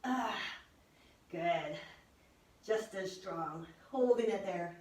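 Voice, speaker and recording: A woman's voice: mid-range voice, extremely slow, a little mellow. A woman instructor leading a pilates workout, calling out cues, counting down and encouraging the listener. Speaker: fitness instructor. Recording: echoey room, voice from a distance.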